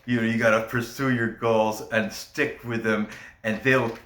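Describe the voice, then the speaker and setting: A man's voice: medium pitch, level tone, measured pace, fairly bright tone, reverberant, close to an everyday voice. A man putting on a drawling British smoke-break preacher. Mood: mock-preachy. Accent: British, imitated.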